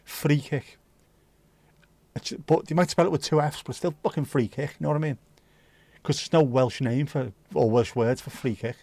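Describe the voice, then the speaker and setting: A man's voice: a little high, fairly even intonation, normal speed, vocal fry, mellow, dry recording. A man hosting a livestream, chatting casually and answering viewer comments in a blunt, opinionated way, swearing freely. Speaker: livestream host.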